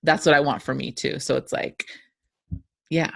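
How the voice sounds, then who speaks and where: A woman's voice: low-pitched, steady tone, moderate pace, vocal fry, fairly bright tone, no room sound, clean studio sound. A woman hosting a podcast, affirming her guest and musing thoughtfully with many fillers. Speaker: podcast host. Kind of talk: casual podcast conversation.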